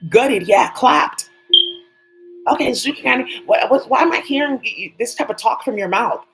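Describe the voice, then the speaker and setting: A woman's voice: fairly high pitch, animated, fairly bright tone, slight background noise, rough recording. A woman hosting her own channel, speaking in a rambling, profane, off-the-cuff monologue and addressing people who are not there. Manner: rapid, profane, talks to unseen people. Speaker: channel host.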